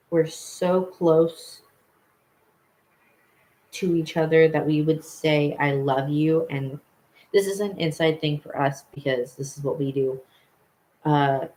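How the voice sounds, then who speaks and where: A man's voice: a little high, a little mellow, low-quality recording. Young man rambling through a personal story. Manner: rambling, with many fillers and self-corrections. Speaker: vlogger.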